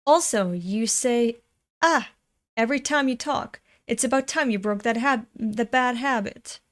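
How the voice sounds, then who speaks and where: A woman's voice: a little high, measured pace, lightly acted. A woman reading as a preachy male restaurant manager. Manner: lecturing, preachy.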